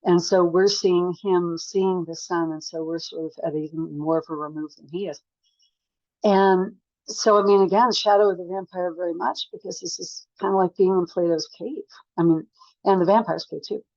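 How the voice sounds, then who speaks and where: A woman's voice: on the low side, steady tone, moderate pace, darkish tone, dry recording, lo-fi sound. A woman, a guest author, talking analytically and thoughtfully with hesitant restarts in an interview. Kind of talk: interview conversation.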